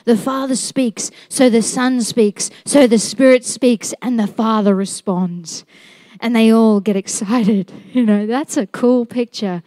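Slow-spoken playful woman preaching. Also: a little high, mellow, dry recording. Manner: playful, laughs often, asks the room questions. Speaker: teacher at a church. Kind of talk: sermon teaching.

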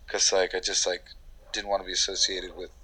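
A man's voice: low-pitched, completely flat delivery, brisk, pushed and bright, slightly rough, low-quality recording. A man from New York, a voiceover actor, talking in a loose, rambling way with casual swearing in a podcast interview. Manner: rambling, many fillers and restarts, casual swearing.

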